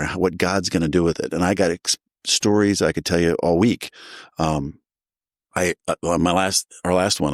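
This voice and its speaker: A middle-aged man tells a long personal story in a low, close, dry voice. He is animated and jumps into the voices of the people he quotes. It sounds like relaxed conversation rather than a prepared talk. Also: dry recording. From New Jersey. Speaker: guest sharing recovery story. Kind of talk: casual storytelling.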